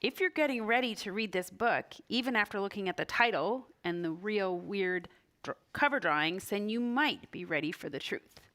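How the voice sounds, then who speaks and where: A woman, the author's mother, bantering and then reading aloud hesitantly to a group of kids. Her voice is bright and sharp, at a middle pitch. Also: lively intonation, moderate pace. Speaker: author's mother helping at the event.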